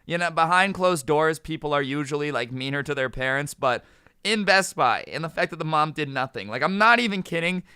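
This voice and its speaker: A man's voice: fairly high pitch, expressive, a little fast, bright, forceful tone, clear, resonant tone, dry recording, studio quality. A man telling a storytime vlog in a casual, joking, sarcastic way. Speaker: storytime YouTuber.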